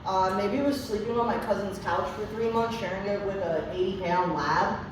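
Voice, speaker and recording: A woman's voice: medium pitch, steady tone, moderate pace, noisy background. Woman, candid profane recovery testimony, distant mic, echoey meeting room, faint ambience. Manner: candid and profane, frequent fillers. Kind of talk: personal testimony to a group.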